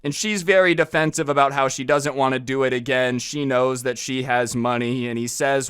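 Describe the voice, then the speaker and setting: A man's voice: medium pitch, fairly even intonation, moderate pace, few pauses, fairly bright tone, clear, resonant tone, no room sound, studio quality. Casual man telling a storytime. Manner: casual, exasperated, sarcastic asides. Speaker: storytime vlogger. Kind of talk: storytime narration.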